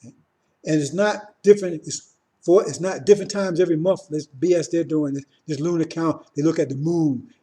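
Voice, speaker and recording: A man teaches religion informally in a warm, slightly high voice at normal speed. His talk is repetitive, built from short phrases, with many restarts and a habitual "see?" aimed at his listeners.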